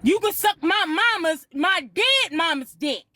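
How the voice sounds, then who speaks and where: A woman's voice: very high voice, animated, a little slow, bright, forceful tone, dry recording, clean studio sound. A woman with a Baltimore accent, swearing and ranting defensively as a guest on a livestream panel. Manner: profane, defensive, rambling. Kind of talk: heated livestream chat.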